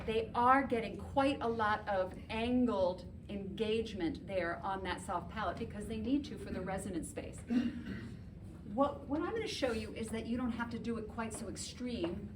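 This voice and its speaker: A woman vocal coach leading a chorus rehearsal, giving lively, upbeat, chatty instructions in a rehearsal room. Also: medium pitch. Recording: distant mic with background noise.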